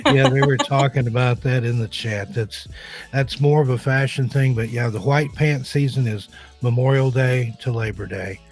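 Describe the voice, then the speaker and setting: A laid-back man hosts a casual live-stream chat. He welcomes viewers one by one in an unhurried, chatty way. Faint music plays behind him. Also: medium pitch. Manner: relaxed, greets viewers one by one. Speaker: host.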